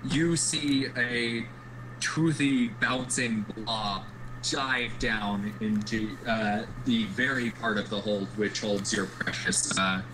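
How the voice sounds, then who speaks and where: Slow, halting man narrating a game. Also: lowish voice, steady tone, noisy background. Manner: halting, many fillers. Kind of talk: narrating a tabletop game over voice chat.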